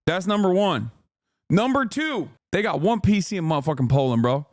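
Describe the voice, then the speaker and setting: A man hosting a reaction stream, talking in a profane, animated and exasperated way, often restarting his sentences. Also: high voice, normal speed, dry recording, studio quality. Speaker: streamer host. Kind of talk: reaction commentary.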